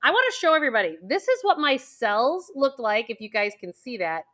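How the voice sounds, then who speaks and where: A woman hosting a casual interview, telling her own experiences in a bubbly, animated way. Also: on the high side, a little fast. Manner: bubbly, animated storytelling with acted-out quotes. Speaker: host.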